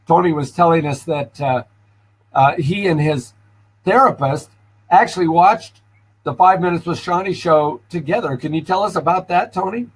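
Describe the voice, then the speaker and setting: Upbeat, husky high-voiced man co-host. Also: normal speed, poor audio. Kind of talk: show introduction and questions.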